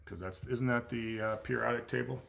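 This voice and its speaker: A man's voice: medium pitch, steady tone, brisk, gravelly, a bit bright. A middle-aged man from the United States, a strength coach answering viewer questions on a casual livestream in a blunt, repetitive way, with many filler sounds. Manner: blunt, repeats himself, lots of "uh" fillers.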